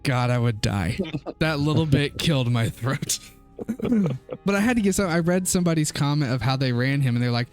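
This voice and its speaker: A man narrating as game master of a tabletop game, giving an easygoing, unhurried lore recap. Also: mid-range voice, expressive, clear, resonant tone, soft background music.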